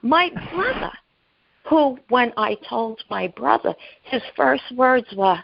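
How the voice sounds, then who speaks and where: Gravelly woman telling a personal story. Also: on the high side, expressive, dull audio. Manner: halting, repeats herself, acts out quoted voices. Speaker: guest sharing her story. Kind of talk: emotional personal testimony on a podcast.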